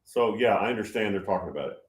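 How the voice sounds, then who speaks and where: A man in his seventies hosting a casual livestream, reading viewer comments and answering them, getting loud and excited with many restarts. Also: lowish voice, quick pace, echoey room. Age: 70s. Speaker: livestream host answering chat.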